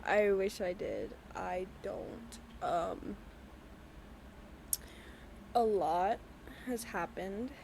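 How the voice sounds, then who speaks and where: A young woman hosting her own podcast, talking candidly in a halting, hesitant way with many pauses and ums. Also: mid-range voice, creaky, darkish tone, slight background noise. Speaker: podcast host. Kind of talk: candid personal talk. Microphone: voice-only recording with a black screen.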